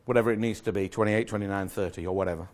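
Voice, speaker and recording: A man's voice: lowish voice, fairly even intonation, rapid-fire, a little mellow. A man giving a live magic lecture to an audience, explaining step by step in a chatty, self-correcting way with small jokes.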